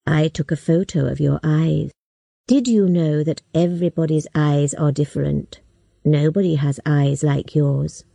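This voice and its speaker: A woman voicing a menacing older man who forces a young girl to marry him, speaking slowly in a lowered, smug voice. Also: steady tone, gravelly, dark tone, no room sound, full character voice. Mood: cold.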